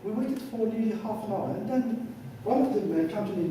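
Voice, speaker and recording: Male lecturer with a high, mellow voice who tells stories and plays out the dialogue, heard from a distance in a very reverberant hall with faint background hiss. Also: moderate pace. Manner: storytelling, acts out both sides of dialogues. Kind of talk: conference lecture with anecdotes. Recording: echoey hall, voice from far off.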